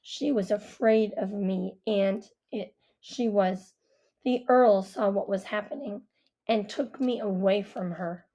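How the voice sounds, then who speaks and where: A woman voicing a brooding, guarded young man who speaks low, slow and subdued in an audiobook. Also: dark tone, dull audio. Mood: somber.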